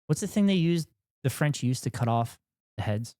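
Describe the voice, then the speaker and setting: A man's voice: medium pitch, normal speed, no room sound, studio quality. A man streaming live, casually reacting and joking with plenty of swearing. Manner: profane, animated and joking.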